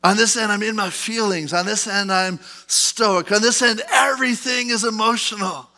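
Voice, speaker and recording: A male pastor in his thirties preaching a sermon in church, animated and acting out angry outbursts. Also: high-pitched, normal speed. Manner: animated, acts out outbursts in a loud put-on voice.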